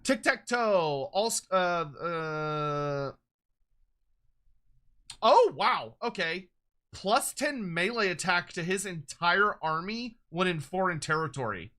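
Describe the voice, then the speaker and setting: A man streaming a casual reaction, excitable and quick to laugh and swear. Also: sits high.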